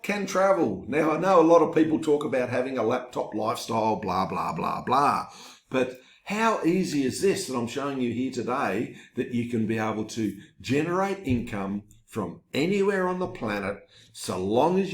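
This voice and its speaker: A man's voice: mid-range voice, very animated, normal speed, reverberant. An Australian man presenting a sales webinar from his home office, talking in an upbeat, chatty, salesy way.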